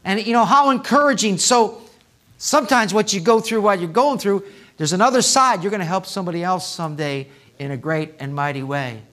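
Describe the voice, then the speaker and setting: A male pastor preaching a sermon in a church, swinging from hushed asides to loud, impassioned appeals. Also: high-pitched, fairly quick. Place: church sanctuary.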